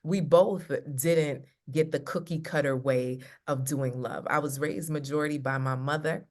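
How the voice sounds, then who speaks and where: A woman love coach tells stories in a relaxed video-call chat, dramatizing the quotes with animation. Her voice is low and her speed is normal.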